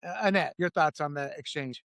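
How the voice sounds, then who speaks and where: A man's voice: a little high, fairly quick, fairly bright tone, no room sound, studio quality. A man hosting a political talk show, giving opinionated, jokey commentary in a casual way. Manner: opinionated, jokey, laughs at own jokes.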